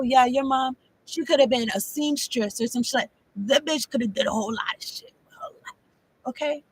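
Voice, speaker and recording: Rambling, profane high-voiced woman tarot reader. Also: a bit bright, poor audio. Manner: rambling, profane, laughs often. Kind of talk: casual tarot reading monologue.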